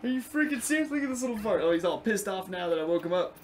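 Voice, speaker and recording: A young man giving casual, excitable gameplay commentary, swearing and chatting to the game's creatures. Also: high-pitched, fast, slight background noise. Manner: excitable, profane, talks to game creatures. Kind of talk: casual let's play commentary.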